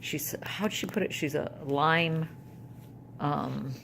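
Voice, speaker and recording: A woman's voice: deep voice, slow, creaky, a bit bright, slight background noise. An older woman talking casually to camera at home in a personal vlog, rambling with restarts and trailing thoughts. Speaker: vlogger.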